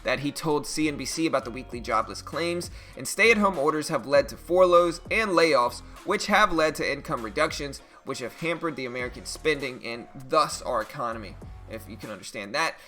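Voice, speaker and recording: Chatty trading streamer, a man with a bright, punchy voice pitched a bit high. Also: moderate pace, faint music behind. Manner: chatty and animated, reads news then riffs on stocks. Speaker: day-trading live streamer. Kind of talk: casual live-stream commentary.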